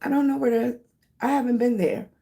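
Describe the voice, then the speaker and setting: A woman's voice: fairly high pitch, fairly quick, gravelly, dark tone. A middle-aged woman hosting a casual live stream, chatting with viewers and greeting them with pet names like baby and sweetie. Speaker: livestream host.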